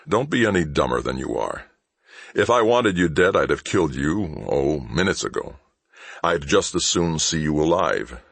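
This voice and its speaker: A man playing a sardonic spacefarer who threatens in an easy, conversational way, in a very deep voice. His lines rise and fall with lively inflection, recorded close and dry. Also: slightly rough, no echo, full character voice. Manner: conversational, dryly mocking threats. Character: cool, menacing male shipmaster, sardonic and unhurried. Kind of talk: audiobook character voice.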